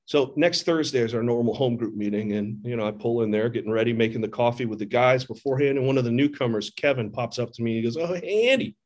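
A man's voice: medium pitch, fairly even intonation, fast talker, few pauses, darkish tone. Earnest middle-aged man sharing his story. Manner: earnest and candid, with frequent restarts. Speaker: speaker sharing at a recovery meeting. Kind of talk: personal recovery testimony. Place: church meeting hall. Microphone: podium microphone.

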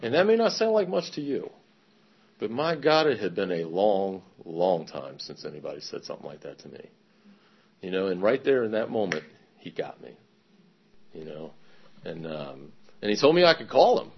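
A man candidly telling his own recovery story in a conversational testimony, pausing often. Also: low-pitched, big pitch swings, slightly rough, muffled recording. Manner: candid, conversational, many fillers and pauses. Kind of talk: personal testimony talk.

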